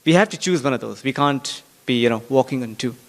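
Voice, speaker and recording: A man gives a scripture class at a temple and tells a story as he goes. He acts out the voices of the people in it with animated shifts, often pausing with "you know" and "um." His pitch sits in the middle of the range. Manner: lively storyteller acting out quoted voices, many fillers. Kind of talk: storytelling sermon. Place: temple hall.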